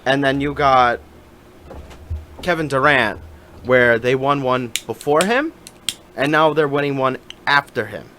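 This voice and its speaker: Easygoing male co-host, mid-pitched, faint ambient noise. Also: measured pace, long pauses, sharp tone. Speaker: podcast co-host. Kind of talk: casual chat.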